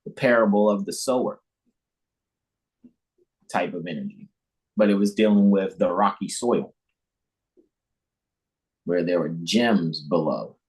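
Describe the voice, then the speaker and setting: A man with a husky, somewhat low voice leads an informal spiritual lecture. He talks emphatically and circles back over his own phrases, restarting sentences as he presses each point home. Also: unhurried, long pauses, a little mellow, poor audio. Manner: emphatic, repetitive, lecturing with frequent restarts and chuckles; mimics imagined listeners in high mocking voices. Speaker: spiritual teacher hosting a devotional livestream.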